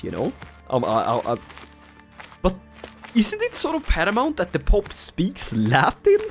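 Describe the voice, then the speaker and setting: A man from Sweden streaming a strategy game live, joking and chatting with his viewers as he plays. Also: fairly high pitch. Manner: animated, jokey, laughs often, talks to chat. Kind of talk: casual livestream game commentary.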